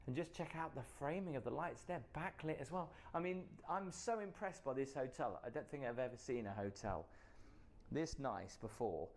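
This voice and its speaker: A man's voice: medium pitch, normal speed, a little mellow. A British man streaming a casual tour, chatty and marveling at what he finds. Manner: wide-eyed, marveling, chatty. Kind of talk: casual touring commentary.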